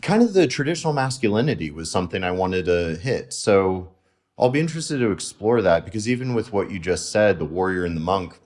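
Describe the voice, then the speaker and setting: Low-voiced casual podcast host man. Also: very animated, fairly quick, darkish tone. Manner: laid-back, peppered with "like" and "you know". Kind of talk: casual interview chat.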